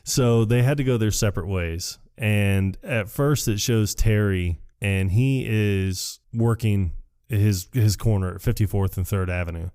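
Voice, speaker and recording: A man talks through a film scene by scene, jumping into the characters' lines as he goes. His voice sits a little low and sounds mellow and warm. The talk is loose and chatty, full of laughs. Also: measured pace, clean tone. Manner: retells scenes animatedly, acting out quotes with laughs. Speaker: podcast co-host. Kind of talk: casual movie recap chat.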